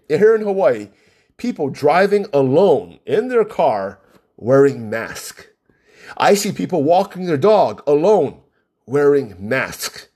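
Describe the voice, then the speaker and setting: A man's voice: medium pitch, darkish tone, slightly rough. Emphatic man ranting in a casual monologue. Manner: emphatic, repetitive, full of rhetorical questions. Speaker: commentator. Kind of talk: casual political rant to camera. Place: Hawaii.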